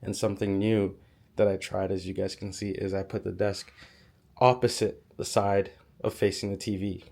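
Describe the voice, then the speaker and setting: Sick young guy with a gravelly low voice. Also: little pitch movement, moderate pace, a little mellow. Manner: chatty, lots of "like" and "so". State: sick, hoarse voice. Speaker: YouTuber giving a room tour. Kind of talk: casual vlog walkthrough.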